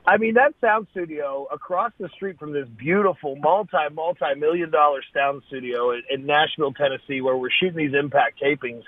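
A man's voice: a little high, a little fast, few pauses, no room sound. A man co-hosting a podcast, talking bluntly and swearing freely in casual chat. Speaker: podcast co-host. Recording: dry, phone-like sound.

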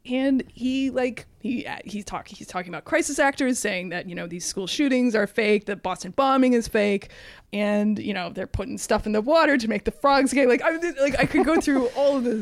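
Podcast co-host, woman, animated casual chatter, slightly high pitch. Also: normal speed, no room sound, clean studio sound. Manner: animated, filler-heavy, mimics people she describes. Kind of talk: casual chat.

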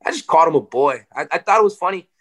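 A man, a fighter, telling stories in a casual interview, animated, full of "you know" and swearing. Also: fairly high pitch, rapid-fire, breathy edge.

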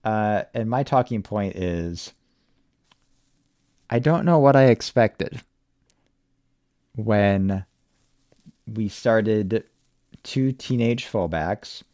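Man, podcast host, low voice, dry close sound, wry, laid-back. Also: a little mellow, no echo. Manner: laid-back, wry, laughs often, swears casually. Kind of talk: casual podcast chat.

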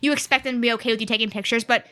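A high, bright young woman talking fast and chattily in a podcast interview. She is animated and keeps acting out what fans say to her. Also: smooth. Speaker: guest cosplayer.

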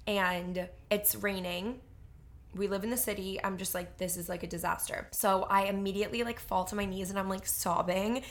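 A woman co-hosts a podcast and tells a story in a chatty, animated way. She fills her sentences with casual fillers and keeps the flow easy. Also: mid-range voice, moderate pace. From Boston area. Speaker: podcast co-host. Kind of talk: casual chat.

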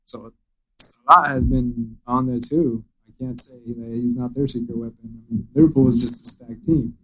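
A man's voice: mid-range voice, steady tone, moderate pace, background noise. Joking male sports podcaster reading stats. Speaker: podcast co-host.

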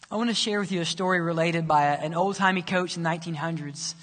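A male pastor preaching and telling a story, dramatic, dropping soft and low for quoted lines. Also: steady tone, fast talker, hardly any pauses. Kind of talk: sermon storytelling. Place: church sanctuary. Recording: long church reverb.

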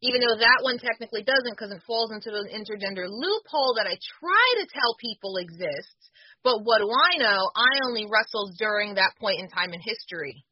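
A woman's voice: medium pitch, animated, a little fast, breathy edge, dry recording, muffled recording. A woman who used to wrestle, talking bluntly on a casual podcast. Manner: blunt, argumentative. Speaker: former wrestler, podcast co-host.

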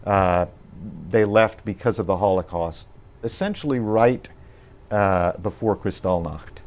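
A man being interviewed on a podcast, talking in a thoughtful, measured way with frequent pauses and restarts. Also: low-pitched, darkish tone.

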